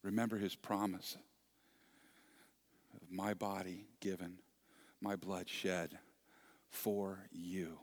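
A man preaching a sermon as pastor, earnest and repetitive, moving between soft near-whispers and loud emphasis. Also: sits low, level tone, slow, pauses often.

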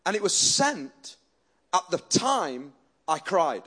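This fairly high-voiced man preaches slowly in a sing-song way, his tone sharp and slightly rough. As pastor to his congregation, he presses his points earnestly while repeatedly halting and restarting sentences.

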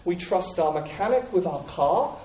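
A man's voice: high voice, animated, normal speed, dark tone. A man preaching a sermon in an earnest, repetitive way with frequent restarts. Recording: echoey room, voice from a distance.

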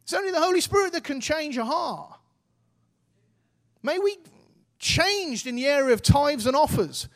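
A man's voice: very high-pitched, animated, normal speed, pauses often. A man in his thirties preaching a sermon, earnest and exhorting, with casual, everyday phrasing.

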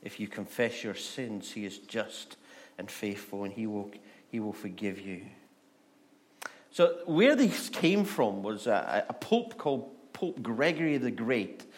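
A man's voice: on the low side, lively intonation, unhurried. A male pastor giving a conversational, humorous sermon, often stammering and restarting.

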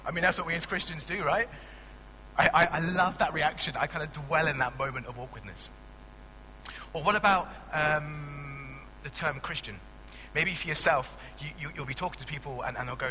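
Bright-voiced young pastor preaching. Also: male voice, on the high side, fairly quick, long reverb tail, slight background noise, poor audio. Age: young adult. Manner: conversational and animated, with frequent restarts and playful asides. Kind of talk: sermon.

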